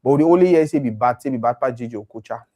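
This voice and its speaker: A man's voice: medium pitch, rapid-fire. A man with a Nigerian accent chatting animatedly about football, slipping into Pidgin. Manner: animated, mixes Pidgin with English. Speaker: co-host. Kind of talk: casual football chat.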